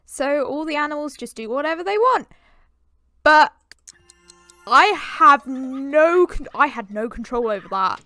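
A woman's voice: high-pitched, expressive, measured pace, sharp tone, dry recording, faint music behind. A British woman giving chatty, rambling commentary on her life-sim game and talking to the characters. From Britain. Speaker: gameplay commentator.

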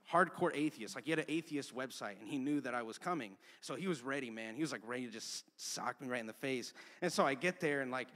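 A man's voice: fairly high pitch, a bit bright. A young man preaching a sermon in a casual, conversational way, telling personal stories. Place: church sanctuary. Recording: long church-hall reverb.

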